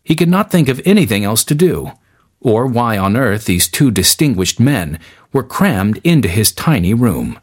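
A man narrating a storybook in expressive, scripted style. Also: medium pitch, moderate pace.

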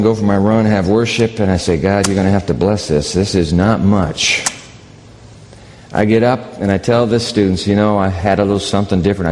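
A man's voice: sits low, darkish tone. A man preaching, telling a story in a candid, rambling way that restarts often. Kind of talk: sermon storytelling. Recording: long reverb in a large hall.

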